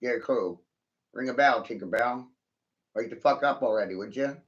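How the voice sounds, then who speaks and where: A man's voice: medium pitch, normal speed. Guy ranting and cursing to himself, keeps laughing and saying right?, dull muffled lo-fi audio. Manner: swears freely, laughs often, asks "right?". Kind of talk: rambling profane monologue. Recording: dull lo-fi recording.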